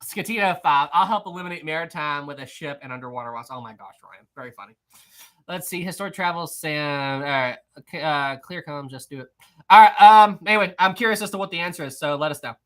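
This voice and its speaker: A man's voice: on the high side, fast, a bit bright. A young man hosting a live history quiz stream, reading chat aloud, teasing viewers and laughing often.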